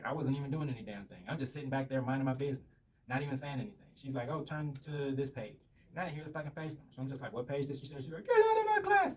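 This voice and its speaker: A man telling rambling, profanity-filled stories in a casual rant to the camera. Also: mid-range voice. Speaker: vlogger. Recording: slightly distant mic with faint room noise.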